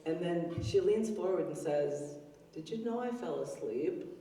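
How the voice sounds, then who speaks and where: An older stand-up comedian with a lowish, mellow voice speaks expressively and unhurriedly at an arts center open mic, her self-deprecating, chatty stories full of fillers. A live audience is present. The distant, roomy hall recording carries slight background noise.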